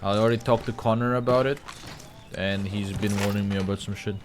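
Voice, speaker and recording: A man streaming a shooter game, chatting casually and swearing, with bursts of excited callouts. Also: on the low side, brisk. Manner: loose, profane, excitable callouts. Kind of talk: casual chat while gaming. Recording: noisy game stream audio.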